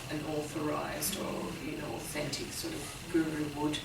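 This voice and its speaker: A woman's voice: deep voice, completely flat delivery, normal speed, creaky. A woman in the audience asking a question, hesitant and restarting as she phrases it. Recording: echoey room, distant, loud background noise.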